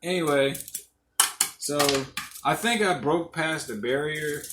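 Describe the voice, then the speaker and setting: A man's voice: a little high, slow. A young man hosting a podcast alone, telling rambling, profane stories and laughing often. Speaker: podcast host. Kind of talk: casual monologue. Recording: echoey room, faint noise.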